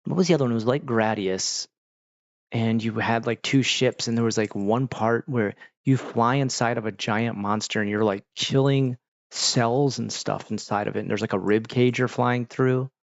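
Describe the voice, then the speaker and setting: A man in his thirties chatting casually as a host, animated and profane, often breaking into exaggerated voices. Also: mid-range voice, normal speed, creaky, dry recording. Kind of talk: casual rambling chat. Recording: dull lo-fi dry sound.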